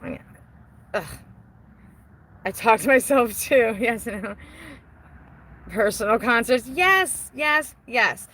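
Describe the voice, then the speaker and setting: A woman's voice: fairly high pitch, takes it slowly, long pauses, fairly bright tone, breathy edge, low-quality recording. A middle-aged woman vlogger reading viewer comments in a casual, rambling chat. She mocks herself, swears freely and laughs often. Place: outdoors on a porch while smoking.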